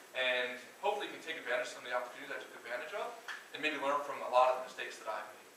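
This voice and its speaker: A man's voice: mid-range voice, slight background noise. A man in his thirties speaking to a room of students, telling stories in a loose, off-the-cuff way. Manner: storytelling, animated, off-the-cuff. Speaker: guest speaker. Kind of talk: informal talk to students. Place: lecture room. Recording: roomy echo from a distance.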